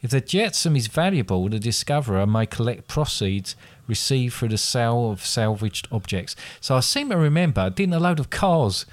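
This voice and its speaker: A man's voice: medium pitch, very animated, normal speed, few pauses. A man hosting a casual quiz, reading out multiple-choice questions and teasing his guest. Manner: teasing, reads questions aloud with restarts. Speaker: quiz host.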